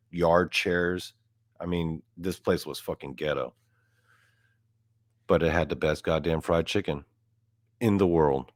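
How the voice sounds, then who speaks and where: A man's voice: low voice, no room sound, studio quality. A young man from South Korea doing a profane, mock-boastful stand-up rant, quoting his friends in asides. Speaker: comedian.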